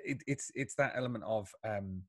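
A man's voice: lowish voice, moderate pace, fairly bright tone, no echo, clean studio sound. A man hosting a podcast in casual chat, hesitant, with stammering restarts. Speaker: podcast host.

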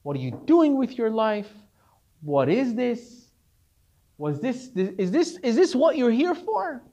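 Brief: a man doing a stern rabbi scolding a student, rhetorical and lecturing, with a lively, rising and falling pitch. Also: a little slow, muffled recording, full character voice.

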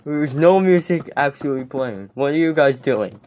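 A man's voice: a little high, expressive, moderate pace, a little hiss or hum. Rowdy, swearing man in a skit. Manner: rowdy, swears a lot, exasperated yelling. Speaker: skit creator voicing characters. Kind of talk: comedy skit voice acting.

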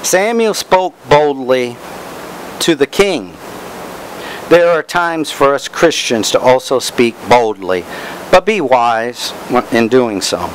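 Slow, deliberate male preacher. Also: mid-range voice, animated, slight background noise, poor audio. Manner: reads verses aloud with commentary, stresses words. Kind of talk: Bible study sermon.

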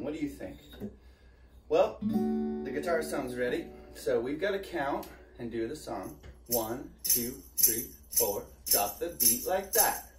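A young man teaching a virtual preschool music class, leading children in an upbeat, sing-song way. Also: medium pitch. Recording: echoey room, mic at a distance, music.

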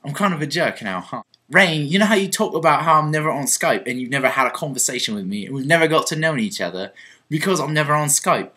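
A young man delivers a tongue-in-cheek confession to his webcam audience. His voice sits a little high and rings bright and forward. He rambles in a mock-earnest way and keeps restarting his sentences. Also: expressive, fast talker, husky. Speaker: vlogger on a group channel. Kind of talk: comic mock-confession vlog.

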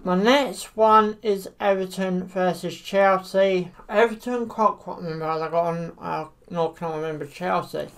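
A woman's voice: on the low side, steady tone, moderate pace, hardly any pauses. A woman giving casual football predictions to camera, hesitant and full of fillers. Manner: hesitant, many fillers like "you know". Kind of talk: casual solo commentary to camera.

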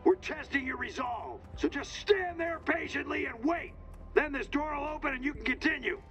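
High shrill alien drill sergeant, trash-talking, game music under it. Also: male voice, normal speed. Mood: mocking. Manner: taunting, barking. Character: sneering alien drill instructor, male, mocking and crude. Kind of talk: video game dialogue.

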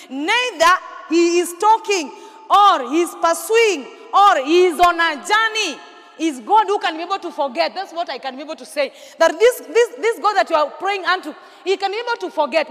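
Very high-voiced woman preacher. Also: long reverb tail. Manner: emphatic call-and-response preaching, bursts of shouting. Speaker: pastor. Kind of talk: sermon. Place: large church hall.

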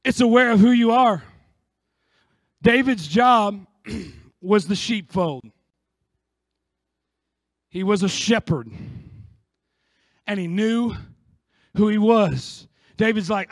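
A man's voice: sits high, slow, pauses often, no echo, clean studio sound. A man from the United States, a pastor preaching an impassioned sermon with joking asides.

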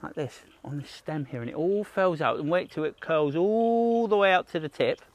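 A man's voice: fairly high pitch, lively intonation, normal speed, dry recording. A man leading a livestreamed nature walk for children outdoors, enthusiastic, talking straight to the viewer and gasping at what he finds. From Australia. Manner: enthusiastic, talks to the viewer, jokes and gasps at finds.

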